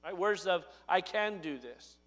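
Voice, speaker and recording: A man preaching a sermon, his voice swelling to loud emphatic lines and dropping low and soft. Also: lively intonation, a little slow, long reverb tail. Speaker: pastor.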